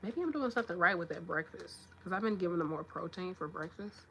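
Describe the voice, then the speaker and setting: Bright, frank woman talking like a big sister. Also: lowish voice, lively intonation, quick pace, slight background noise. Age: 30s. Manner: frank, profane, big-sister tone with slangy asides. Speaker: nurse vlogger. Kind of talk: casual motivational vlog talk.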